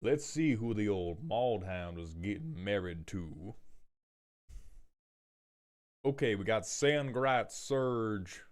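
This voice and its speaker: A man voicing a blustery Southern gentleman in the style of a cartoon rooster, drawling and repeating himself. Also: fairly low pitch, expressive, takes it slowly, pauses often.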